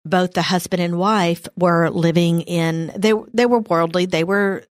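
A woman's voice: lowish voice, fairly even intonation, measured pace, dry recording, clean studio sound. Wry emphatic woman. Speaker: podcast co-host. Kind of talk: casual Bible discussion.

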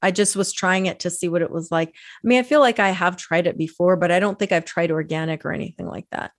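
A woman with a slightly low voice chats casually on a podcast. She rambles through personal stories, full of fillers and little laughs. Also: fast talker. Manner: chatty, storytelling with lots of fillers and laughs. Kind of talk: casual chat.

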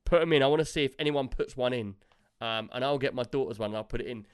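A man hosting a gaming podcast, telling stories in an animated way and laughing often. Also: mid-range voice, fast, clear, resonant tone. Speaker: podcast host. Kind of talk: casual chat.

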